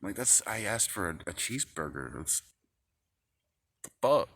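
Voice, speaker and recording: A man's voice: low voice, sing-song, a little slow, gravelly, fairly bright tone, slight background noise. A man rambling into his phone camera in an agitated, profane rant. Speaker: vlogger.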